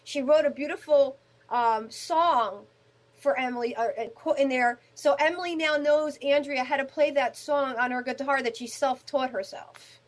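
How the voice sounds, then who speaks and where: A woman host chatting enthusiastically, with a rambling, animated way of talking. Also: high voice. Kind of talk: casual chat.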